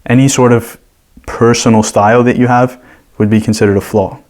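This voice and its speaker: A man's voice: medium pitch, level tone, brisk, darkish tone. A man as a guest on a podcast, explaining his ideas casually and at length with examples. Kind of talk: casual conversational interview.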